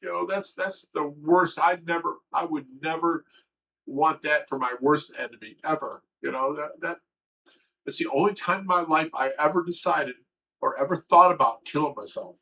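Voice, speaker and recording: A man's voice: a little high, moderate pace, creaky, bright, forceful tone, slight background noise, poor audio. A livestream host talking candidly and emotionally, rambling and swearing as he tells a personal story. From Ohio.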